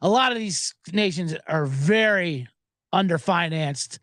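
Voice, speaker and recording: A man's voice: sits high, animated, measured pace, a bit bright, dry recording, studio quality. A man hosting a sports betting show, talking in a loose, joking, profane ramble full of asides. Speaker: sports betting podcast host. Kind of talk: casual rambling commentary.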